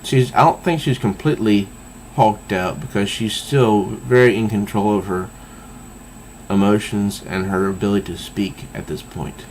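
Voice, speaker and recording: A man's voice: fairly low pitch, normal speed, darkish tone, slight background noise. A man casually reviewing a comic book, reading panels aloud with easygoing, enthusiastic asides.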